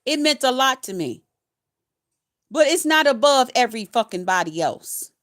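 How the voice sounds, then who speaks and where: A woman with a high voice delivers an angry, profane rant straight to her viewers. She talks in a heated, emphatic way, piling on curses and insults. She works as a nurse and vlogs on the side. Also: big pitch swings, moderate pace, a bit bright. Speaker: nurse and vlogger.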